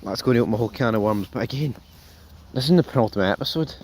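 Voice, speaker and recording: A man hosting a casual TV review, rambling and animated, swearing freely and calling viewers folks. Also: medium pitch, racing, slight background noise. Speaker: show host, TV reviewer.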